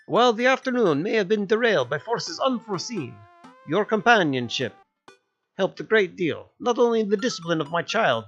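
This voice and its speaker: A man voicing a formal, old-fashioned gothic gentleman with a flowery, overly formal manner. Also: high-pitched, muffled recording, voice pushed up, heavily acted.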